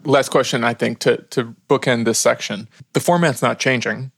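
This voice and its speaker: A man's voice: medium pitch, moderate pace, creaky, dry recording, clean studio sound. A man co-hosting a casual podcast, speaking in an enthusiastic, playful way. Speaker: podcast co-host.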